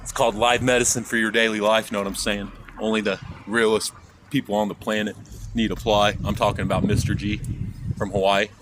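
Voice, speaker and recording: IRL streamer, man from Kansas, lowish voice, loose profane rambling to chat, phone mic, loud traffic behind. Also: flat delivery, fairly quick. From Kansas, USA. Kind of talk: casual live-stream chat while walking. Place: outdoors on city streets. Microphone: handheld phone. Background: traffic and street noise.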